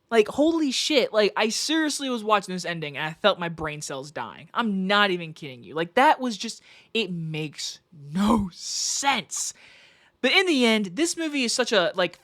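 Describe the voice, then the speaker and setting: Brief: woman reviewer, casual rant, swears freely, pitch swings high and low. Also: fairly bright tone. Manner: exasperated, profane, emphatic. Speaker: movie reviewer.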